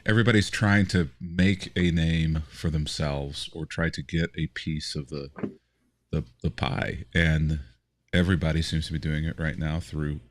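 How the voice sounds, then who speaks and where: A man co-hosting a casual faith podcast, animated and stammering through restarts. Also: a bass voice, normal speed. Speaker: podcast co-host.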